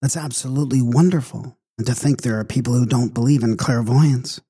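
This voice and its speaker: A man's voice: mid-range voice, fairly quick, warm tone, husky, dry recording, clean studio sound, voice pushed up, close to an everyday voice. A man voicing a bored, peevish young woman who complains in a whiny tone. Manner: petulant, whiny.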